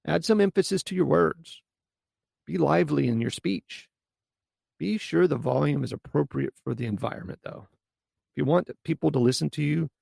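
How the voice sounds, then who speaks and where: A man hosts a solo coaching podcast and speaks in a blunt, casual way. His voice is deeply gravelly and husky. The recording is dry and close. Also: darkish tone, dry recording. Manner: blunt, casual, mild swearing. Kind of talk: solo podcast advice talk.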